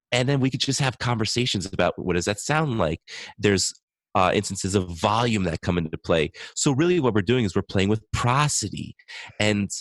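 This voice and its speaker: A man's voice: lowish voice, dry recording. A man speaking as a guest on a podcast interview, an enthusiastic speech-language pathologist thinking aloud.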